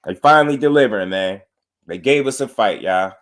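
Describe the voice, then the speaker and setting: A young man hosting a casual boxing livestream, animated and slangy, talking straight to his chat. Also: fairly low pitch, brisk.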